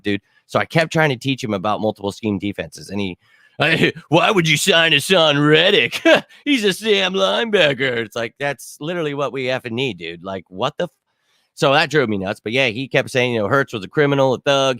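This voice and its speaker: A man's voice: mid-range voice, fairly bright tone, no room sound. A man hosting a casual sports talk livestream, ranting in an exasperated tone and talking to his chat. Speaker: host of a sports talk show.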